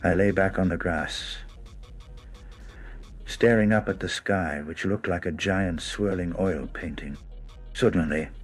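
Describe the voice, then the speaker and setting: A man's voice: deep voice, slightly rough. A man telling a scripted first-person story as narrator, wry and amused.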